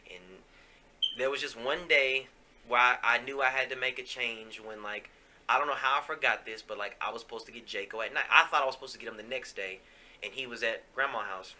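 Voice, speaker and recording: Bright-voiced man telling a raw story. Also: medium pitch, a little fast. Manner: casual, profane, confessional, many fillers. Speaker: podcast host. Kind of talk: candid personal storytelling.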